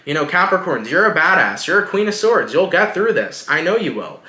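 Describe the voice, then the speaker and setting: A man's voice: on the high side, sing-song, brisk, bright, forceful tone, reverberant. A man giving a casual tarot reading, speaking reassuringly and straight to the viewer. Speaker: tarot reader.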